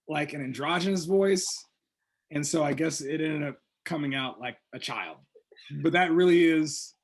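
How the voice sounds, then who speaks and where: A man co-hosting a casual comedy podcast, rambling and acting out silly scenes. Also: on the high side. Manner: rambling, puts on silly voices for jokes. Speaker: podcast co-host. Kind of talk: casual chat.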